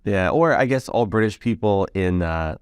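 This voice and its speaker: A man's voice: lowish voice, lively intonation, moderate pace, clean tone, no room sound. An American man hosting a podcast interview, chatting in an easygoing, joking way with lots of fillers. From United States. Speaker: podcast host. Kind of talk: casual interview chat.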